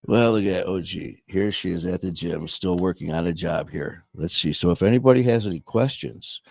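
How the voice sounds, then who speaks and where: A man with a very low, gravelly voice talks casually and candidly on a live stream. He rambles, trips over his own words and restarts. The sound is dry and close, with no room around it. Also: normal speed, darkish tone, no echo. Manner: rambling, self-interrupting, candid. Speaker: host of a sobriety and faith live show.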